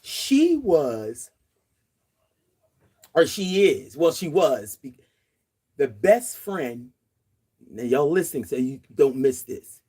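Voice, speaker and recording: A woman's voice: deep voice, sing-song, slow, pauses often, dark tone, husky. A woman in her sixties hosting a casual livestream chat outdoors, chatty and laughing often as she greets viewers. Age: 60s. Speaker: livestream host.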